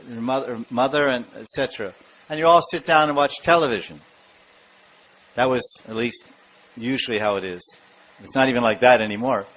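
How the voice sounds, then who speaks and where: A man giving a devotional lecture, telling stories in an animated way and acting out the scenes. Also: a little high. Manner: animated storytelling, acts out scenes. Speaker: spiritual lecturer. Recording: dull lo-fi lecture recording.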